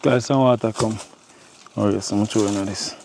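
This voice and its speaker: Guy cooking outside, lowish voice, keeps calling out to his people, noisy outdoor audio. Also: fairly even intonation, normal speed. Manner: chatty, addresses viewers directly as "my people". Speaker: cooking vlogger. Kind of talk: casual cooking demonstration.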